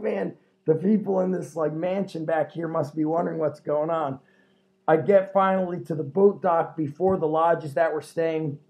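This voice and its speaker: A man hosting a podcast, telling a story in an animated way, laughing and swearing often. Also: fairly high pitch, highs cut off. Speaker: podcast host. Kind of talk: casual chat.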